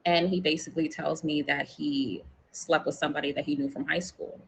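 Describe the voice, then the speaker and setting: A woman from New York tells a personal story as an interview guest, with a husky, gravelly voice that sits a little low. She is animated and swears freely, jumping up in pitch whenever she acts out what someone said. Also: brisk, low-quality recording.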